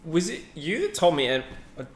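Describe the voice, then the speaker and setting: A man with a high-leaning voice and big pitch swings co-hosts a podcast, talking fairly quickly. In casual chat he hedges, rambles and corrects himself. The recording has roomy echo and faint background ambience.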